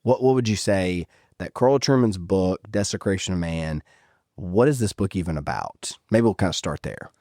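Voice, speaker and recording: Male podcast host, low pitch, dry close sound, easygoing conversational. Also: lively intonation, moderate pace, dark tone, no echo. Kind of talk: casual conversational interview.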